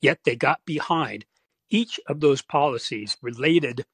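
Blunt, husky-voiced male guest. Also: medium pitch, measured pace, a bit bright, no room sound. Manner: blunt, lists points firmly. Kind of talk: opinionated conversation.

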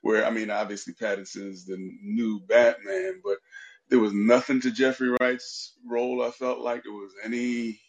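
Man, husky voice, mid pitch, opinionated casual chat. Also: level tone, normal speed.

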